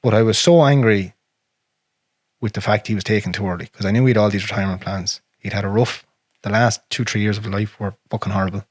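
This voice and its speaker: Irish male podcast host, raspy, quick, blunt and profane, dry close sound. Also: on the low side, fairly even intonation, dry recording. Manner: frank and profane, drops to a near whisper on painful memories. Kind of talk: casual conversation.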